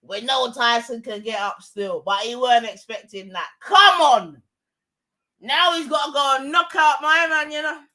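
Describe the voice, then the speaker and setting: A young woman, giving excitable, slang-heavy live commentary on a fight and shouting often. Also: high voice, normal speed. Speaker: watch-along streamer.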